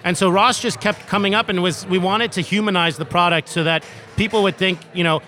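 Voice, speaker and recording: A man's voice: sits high, brisk, pushed and bright. A man, a tech company co-founder, giving eager interview answers with lots of fillers and restarts, recorded outdoors in a city.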